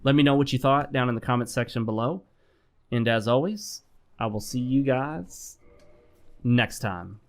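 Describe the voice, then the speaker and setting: A man hosting a gameplay vlog, giving advice in a calm, instructive tone. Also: medium pitch, normal speed. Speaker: gaming channel host. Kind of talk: advice talk over gameplay.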